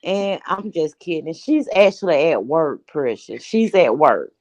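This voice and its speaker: A woman in a casual gossip chat, animated, with quick exclamations. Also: deep voice.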